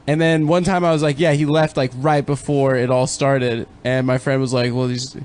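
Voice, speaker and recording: A male podcast co-host with a mid-range voice who tells anecdotes in a relaxed, chatty way. He drops in dry asides between the jokes. The whole thing is casual conversation. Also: medium pitch, normal speed. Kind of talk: casual comedy podcast chat.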